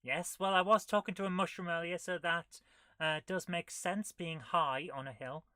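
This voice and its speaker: Streaming retro games live, this host reads on-screen text aloud and tosses in wry, dry remarks between moves. Her voice is fairly low and bright with a forceful edge, her intonation fairly even and her pace normal. The recording is dry.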